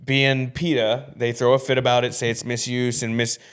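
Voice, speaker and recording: Profane joking man, smooth voice. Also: medium pitch, normal speed. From Oklahoma fan. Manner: profane, animated storyteller. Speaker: podcast co-host. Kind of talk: casual sports chat.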